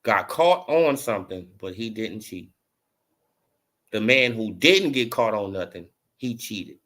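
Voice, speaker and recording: Fairly low in pitch and a little slow, this man rants casually about boxing for his commentary vlog. Slang and fillers such as "bro" and "you know" run throughout, and he turns animated and mocking in the second half.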